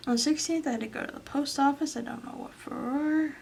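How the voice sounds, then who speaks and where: A young woman chats her way through her planner in a slightly high voice with a gravelly fry. She sounds tired and rambles with fillers, sometimes dropping to a whisper. Faint noise sits under the home recording. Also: normal speed. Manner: rambling, filler-heavy, often trails into whispers. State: tired, yawning late at night. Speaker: planner vlogger. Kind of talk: casual chatty voice-over. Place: home, late at night.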